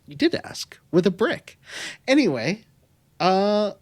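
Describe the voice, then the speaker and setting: A man's voice: high-pitched, very animated, measured pace, no echo. A man hosting a casual gaming podcast, rambling and self-deprecating with lots of fillers. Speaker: podcast host.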